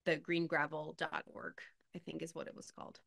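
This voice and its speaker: A woman with a low yet bright, forceful voice answers a webinar question. She thinks out loud, leaning on "you know", in a dry, close recording. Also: level tone, brisk, gravelly, no room sound. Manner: thoughtful, many "you know" fillers. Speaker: webinar presenter. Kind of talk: video call discussion.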